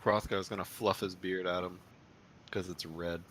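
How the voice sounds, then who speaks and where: A man's voice: sits low, flat delivery, normal speed, a bit bright, a little hiss or hum. A man playing a tabletop game, joking along with the group. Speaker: player. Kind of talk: casual tabletop play.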